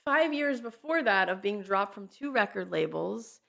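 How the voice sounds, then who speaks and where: A woman's voice: medium pitch, moderate pace, vocal fry. A woman guest on a podcast, talking candidly and animatedly about her career and the pressures of social media. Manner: animated, acts out quoted voices. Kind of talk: candid conversational storytelling.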